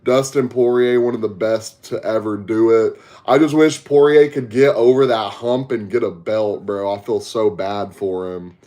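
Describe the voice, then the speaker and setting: A man's voice: lowish voice, fairly even intonation, normal speed, few pauses, mellow. Young southern guy on a headset, slangy and laid-back, chatting with his stream. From Texas. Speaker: podcast host. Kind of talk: casual livestream chat.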